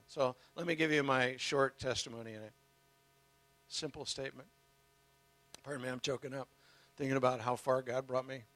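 A man's voice: mid-range voice, sharp tone, no echo. An older man preaching as a guest speaker, earnest and emotional, telling his story with humor. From United States. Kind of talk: sermon.

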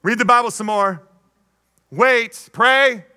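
A male pastor delivers a sermon in a high-pitched voice with an emphatic, call-and-response rhythm. His tone is bright and forceful, and he breaks in with playful jokes and asides between points. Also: slow pace, clean tone.

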